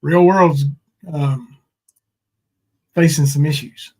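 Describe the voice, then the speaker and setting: A man's voice: on the high side, fairly even intonation, takes it slowly, a little mellow, a little hiss or hum. A man hosting a casual livestream, taunting and swearing at a caller in a mocking way. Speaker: livestream host.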